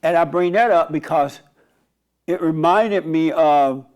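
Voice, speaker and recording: A man's voice: on the high side, a little slow, darkish tone. A man, a pastor and radio host, giving a casual, conversational online sermon in a rambling storytelling way. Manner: rambling, storytelling, frequent restarts.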